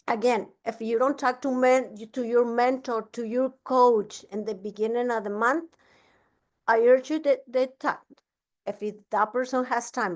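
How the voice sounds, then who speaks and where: Energetic woman coaching a sales team. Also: a little high. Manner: energetic, repeats herself, frequent restarts. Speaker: business coach. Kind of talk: casual training talk.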